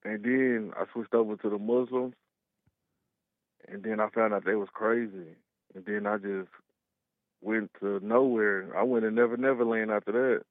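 A man's voice: lowish voice, steady tone, normal speed, long pauses, dry recording. A man in his thirties from Texas calling into a radio show, casual and slangy, telling stories in a chatty way. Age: 30s. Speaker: caller. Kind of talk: phone-in call. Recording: tinny phone line.

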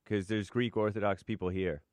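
A man's voice: fairly low pitch, fairly even intonation, fairly quick, darkish tone, dry recording. An American man co-hosting a live talk show, reading viewer messages and headlines with offhand comments and frequent chuckles. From United States.

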